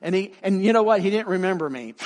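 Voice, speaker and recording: A man preaching a sermon, telling a story with lively voices for the people he quotes and dropping soft and quiet for emphasis. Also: a little fast. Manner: animated, acts out quoted people with big pitch swings. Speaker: pastor.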